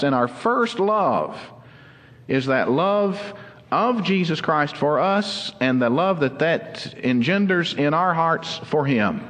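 A man preaching a sermon as pastor, earnest and explanatory, slowing down to stress key words. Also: fairly high pitch, very animated, fairly bright tone, big-room sound. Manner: earnest, explanatory, slows down for emphasis.

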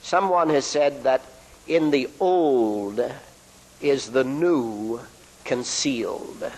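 A man's voice: medium pitch, darkish tone, poor audio. Emphatic middle-aged male preacher. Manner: emphatic preaching with sudden pace shifts and slow drawn-out stresses. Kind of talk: sermon.

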